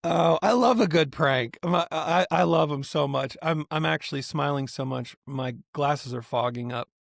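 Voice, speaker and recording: Man, podcast co-host, gravelly edge, dry close mic, chatty and laughing. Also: fairly high pitch, normal speed, dry recording. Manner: laughs often, rambling retellings. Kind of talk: casual chat.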